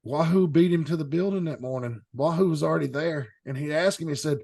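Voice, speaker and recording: A man's voice: fairly high pitch, fairly quick, vocal fry, darkish tone. A man hosting a casual panel show, telling rambling anecdotes with chuckling asides. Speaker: host. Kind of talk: casual storytelling chat.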